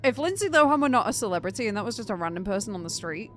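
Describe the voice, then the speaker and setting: A young British woman chatting casually on a game live stream, animated and incredulous, laughing often. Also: medium pitch, rapid-fire, background noise.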